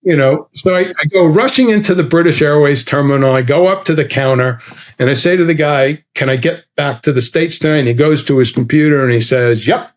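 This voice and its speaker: Middle-aged male storyteller, casual and animated, plays out the dialogue. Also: on the high side, fairly quick. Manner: animated, acts out dialogue with quoted voices. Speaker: guest storyteller. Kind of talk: casual anecdote telling.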